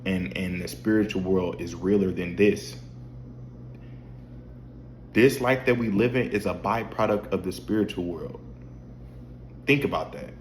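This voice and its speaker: This faith vlogger speaks in a low, unhurried voice and pauses often. His casual spiritual talk to camera, from a dim room at home at night, is repetitive and preachy, with restarts and rhetorical questions. Echo and slight background noise are audible.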